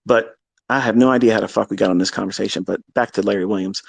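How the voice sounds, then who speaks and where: A man's voice: lowish voice, fairly even intonation, fast talker, vocal fry, slightly rough, dry recording. Blunt, profane middle-aged man ranting. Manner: blunt, profane, passionate, preachy. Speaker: trading mentor. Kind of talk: unscripted live audio talk.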